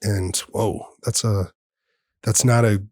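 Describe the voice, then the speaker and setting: A man's voice: on the low side, steady tone, takes it slowly, darkish tone, dry recording, clean studio sound. A man in his thirties, a podcast host, telling a personal story in an earnest, heartfelt way and acting out the dialogue. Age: 30s. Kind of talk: personal storytelling in casual conversation.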